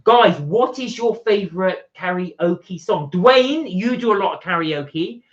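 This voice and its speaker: Male stream co-host, reads chat aloud, slightly high, muffled audio. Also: expressive, a little slow. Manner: chatty, reads viewer comments aloud. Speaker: livestream co-host. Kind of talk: casual live chat reading comments.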